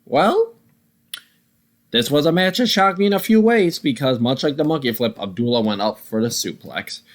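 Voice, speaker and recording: A man recapping old wrestling matches in casual, profane commentary, his voice still a little hoarse and strained, with wry jokes. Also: medium pitch, fairly bright tone. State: voice still recovering, slightly hoarse. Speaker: wrestling reviewer.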